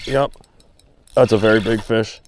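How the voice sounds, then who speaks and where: Excitable man narrating his fishing trip. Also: fairly low pitch, unhurried, a little hiss or hum. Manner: excitable, exclaiming and repeating himself. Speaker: fishing vlogger. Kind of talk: excited on-the-water commentary. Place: outdoors on a fishing boat.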